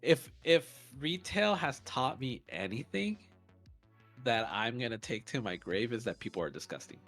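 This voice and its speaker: Animated, storytelling man, podcast co-host. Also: medium pitch, normal speed, soft background music. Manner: animated storytelling, swearing, laughing. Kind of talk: casual chat.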